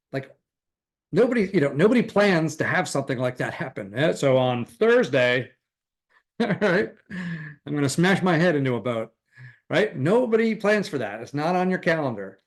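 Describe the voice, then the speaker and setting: A middle-aged man teaching a real estate recruiting class in a casual, animated way, often playing out conversations. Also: fairly high pitch. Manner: animated, acts out quoted conversations, chuckles often.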